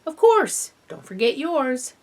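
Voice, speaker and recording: A woman's voice: medium pitch, lively intonation, normal speed, fairly bright tone, natural voice. A woman reading the part of a smug, gloating 12-year-old boy in a storybook. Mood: eager. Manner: gloating, teasing.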